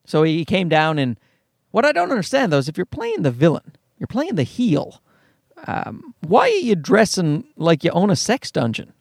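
Man in his thirties, sarcastic profane podcast host, bouncy pitch, close dry recording. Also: normal speed, vocal fry, no echo. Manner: profane, ranting, sarcastic, animated. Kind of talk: solo comedic podcast rant. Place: parked car.

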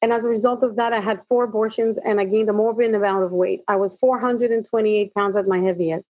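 A woman's voice: mid-range voice, quick pace, dry recording. A middle-aged woman, a motivational speaker, telling her personal story as an interview guest and acting out the dialogue. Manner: animated storytelling, acts out dialogue. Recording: dull lo-fi audio.

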